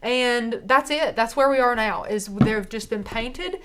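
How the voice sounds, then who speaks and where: Southern woman, craft host, chatty, upbeat, quick to laugh, slightly high voice. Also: background noise. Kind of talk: casual crafting demo livestream.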